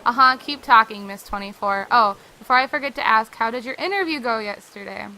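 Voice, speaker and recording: A woman reading the lines of a blunt, weary middle-aged mother aloud from a game, with loud exasperated outbursts. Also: on the high side, a little fast, rough recording. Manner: blunt, exasperated, raises her voice often.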